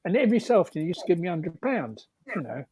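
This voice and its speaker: A man's voice: sits high, sing-song, fast, darkish tone, slight background noise. An older man, telling rambling stories as a guest and chuckling as he goes. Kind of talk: anecdotal storytelling.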